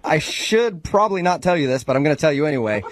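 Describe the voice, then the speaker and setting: A man's voice: on the high side, sing-song, fast, no room sound, clean studio sound. A man hosting a radio prank call segment, questioning the caller with mock sincerity. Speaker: radio show host.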